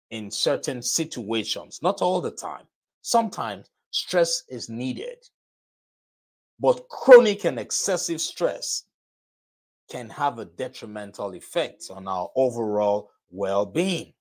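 At medium pitch, a man hosting a live broadcast and podcast gives a motivational talk. He speaks deliberately and repetitively, leaning on key phrases.

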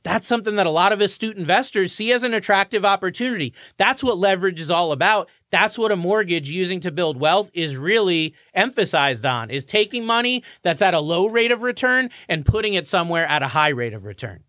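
Bright high-voiced man explaining finance. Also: lively intonation, brisk, few pauses, dry recording, studio quality. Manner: explanatory, confident. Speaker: mortgage expert co-host. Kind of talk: radio show talk.

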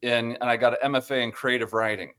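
A man from Ohio, a podcast guest, relaxed and matter-of-fact with dry self-deprecating humor. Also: medium pitch, fast, smooth. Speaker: guest, worldview center director. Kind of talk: podcast interview.

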